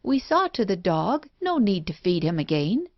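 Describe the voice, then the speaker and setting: A woman reading an audiobook, voicing an uneasy husband who speaks gently and coaxingly, on a dull lo-fi recording. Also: mid-range voice, very animated, normal speed, dry recording.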